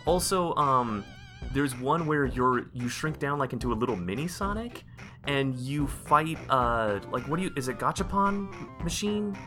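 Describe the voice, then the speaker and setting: A man co-hosting a podcast in casual chat, excitable and rambling, restarting his sentences often. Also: medium pitch, unhurried, soft background music. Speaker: podcast co-host.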